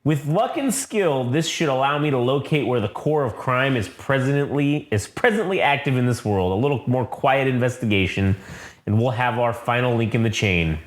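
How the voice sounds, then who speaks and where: A man's voice: mid-range voice, animated, normal speed, lightly acted. A man voicing a fussy elderly male alien inspector, prim and precise, in an echoey room.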